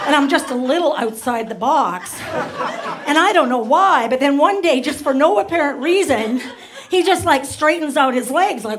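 A woman performing a stand-up comedy set on stage, chatty and quick to slip into voices for characters. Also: high-pitched, animated, noisy background. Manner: chatty, rapid shifts into voiced asides. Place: comedy club stage before a laughing audience.

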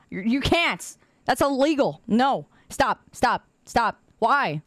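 A woman's voice: fairly high pitch, animated, slow, dry recording. A woman streamer chatting casually with her viewers, teasing and laughing often.

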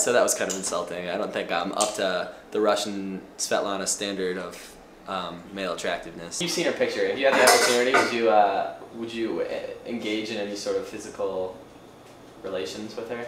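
A young man speaking a little fast in a fairly low voice talks confessionally to the camera in his apartment. He wanders and hesitates, mocks himself, uses many fillers, and his words carry a roomy echo over faint background noise.

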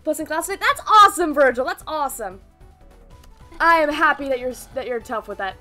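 A woman streaming a game live, bubbly and excitedly thanking her chat. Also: high voice, a little fast, soft background music. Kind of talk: casual live gameplay streaming.

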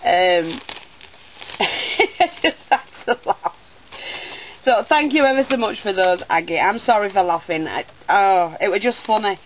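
An older woman talks warmly and chattily in a casual craft vlog. She keeps dissolving into giggles between remarks about her parcel. The sound is dull and lo-fi, like a home video. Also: mid-range voice, expressive, measured pace, pauses often, slight background noise. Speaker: teacher and crafter.

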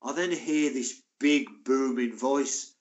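Animated man telling stories. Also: medium pitch, takes it slowly, muffled recording. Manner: animated, acts out quoted voices. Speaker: guest, former footballer and physio. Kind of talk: anecdotal storytelling in an interview.

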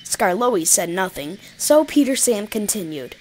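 A woman narrating a children's railway storybook in an even, gentle storytelling manner. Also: medium pitch, normal speed. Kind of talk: storybook reading.

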